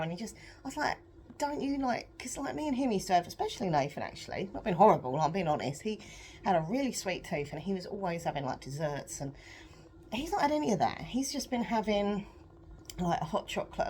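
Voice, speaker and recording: A young adult British woman chatting in a rambling, self-deprecating way on a home vlog, her voice a bit croaky, laughing often. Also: mid-range voice, darkish tone, a little hiss or hum. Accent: British English. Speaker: vlogger. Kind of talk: casual confessional vlog chat.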